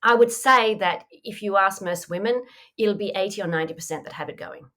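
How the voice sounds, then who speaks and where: A woman's voice: mid-range voice, a little fast, fairly bright tone. Woman guest, reflective coach, talks it through in a mid-range voice. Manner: reflective, acts out inner voices in quotes, frequent "you know". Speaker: mindfulness coach, podcast guest. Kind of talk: conversational interview answer.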